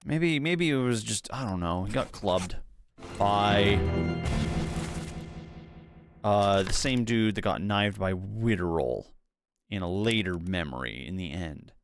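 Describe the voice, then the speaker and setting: A man's voice: on the low side, slow, long pauses, background noise. A man streaming a game, thinking aloud in casual commentary with mild swearing. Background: loud game music.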